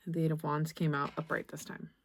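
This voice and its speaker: Low-voiced gentle woman tarot reader. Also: little pitch movement. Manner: gentle, reassuring, halting with many restarts. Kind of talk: tarot reading to camera.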